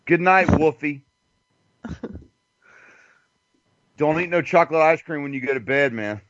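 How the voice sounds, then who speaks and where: A man's voice: a little high, unhurried, fairly bright tone, lo-fi sound. A man from the American South hosting a stream, joking and reading the chat aloud. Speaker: host. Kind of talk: casual chat.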